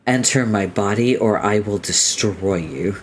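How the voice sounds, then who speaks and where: Man reading as a slow, deadpan crude troll girl. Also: fairly low pitch, soft background music, natural voice. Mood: deadpan lewd. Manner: slow, flat, blunt lewd come-ons.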